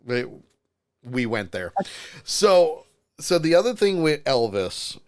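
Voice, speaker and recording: A male podcast host on a live call-in show who talks in a loose, casual way. His pitch rises and falls a lot, and he laughs often. He trips over his words and repeats himself as he goes. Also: takes it slowly, clean tone. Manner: animated, laughs often, stammers restarts.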